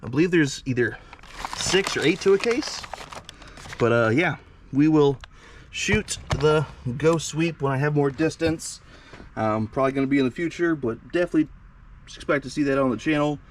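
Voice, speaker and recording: Outdoors by a storage shed, a young Midwestern fireworks channel host shows off products in a casual vlog, out of breath from the heat. His voice sits on the high side at a moderate pace, chatty and full of fillers, with a little hiss or hum in the audio.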